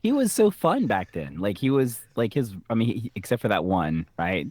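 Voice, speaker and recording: A man's voice: on the low side, very animated, normal speed, a little mellow, no echo. A man co-hosting a podcast, chatting casually and chiming in agreeably. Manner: agreeable, chiming in with short replies. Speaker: podcast co-host. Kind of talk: casual chat.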